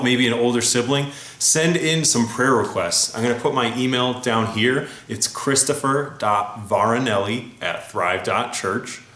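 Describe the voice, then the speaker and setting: A man who leads a church kids' program, telling a story and speaking warmly and encouragingly to children at home. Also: medium pitch. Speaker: children's ministry leader. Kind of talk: storytelling and talking to kids. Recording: echoey room with music behind.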